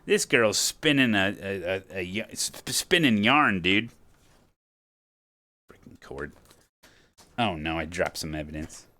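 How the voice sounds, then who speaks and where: A man streaming a murder mystery game, thinking aloud in an excitable, jokey way. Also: low-pitched, slow pace, pauses often. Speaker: streamer playing a detective game. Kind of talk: casual live-stream chat.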